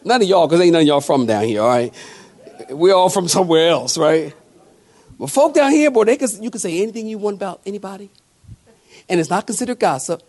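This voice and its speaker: A preacher man with a noticeably high voice delivers a sermon to his congregation. He talks in a folksy, conversational way, slowing down hard on scripture and then rattling off quick joking asides. He keeps checking in with the room through call-and-response. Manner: shifts between slow emphatic scripture lines and quick joking asides. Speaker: pastor.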